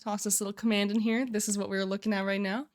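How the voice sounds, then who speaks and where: A woman's voice: mid-range voice, level tone, fast talker. A young woman streaming live, chatting casually and giggling often as she walks through her writing challenge. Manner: chatty, giggly, restarts phrases.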